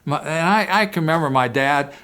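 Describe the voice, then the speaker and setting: Telling a personal story to parents at a faith-based family talk, this Christian family-series speaker is earnest, moving between hushed and emphatic moments. His voice is fairly high and his delivery a little fast.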